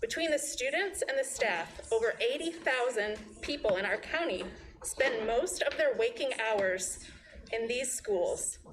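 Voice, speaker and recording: A woman, a physician and mother, giving a measured, prepared public statement at a board meeting. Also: a little high, expressive, a little hiss or hum, rough recording. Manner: measured, composed, reads prepared remarks. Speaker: physician and parent commenter.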